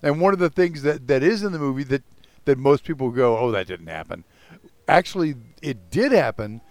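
A man's voice: on the high side, animated, fairly quick, no room sound. A man co-hosting a podcast in casual chat, emphatic and opinionated with frequent swearing. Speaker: podcast co-host.

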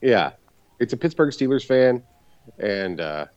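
Lively podcast co-host. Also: male voice, mid-range voice, a little slow, dry recording, dull audio. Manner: lively, swearing, laughing often. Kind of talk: casual chat.

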